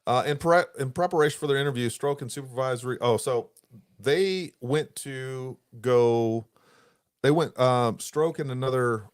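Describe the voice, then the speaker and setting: A man hosting a discussion reads long passages from a report and breaks off to explain them casually. His voice is mid-pitched and recorded close and dry, with no room echo. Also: clear, resonant tone. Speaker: podcast host. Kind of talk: reading aloud and discussing a report.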